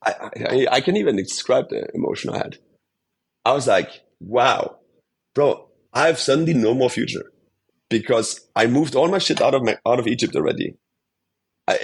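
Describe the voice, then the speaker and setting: Husky Austrian man telling a story. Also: medium pitch. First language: German. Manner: animated storyteller, swears casually, says dude a lot. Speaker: podcast guest. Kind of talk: casual storytelling interview.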